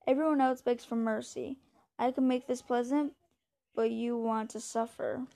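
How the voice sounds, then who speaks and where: A woman's voice: a little high, fairly even intonation, vocal fry. Woman doing a menacing male bloodsucker. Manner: soft, slow, commanding.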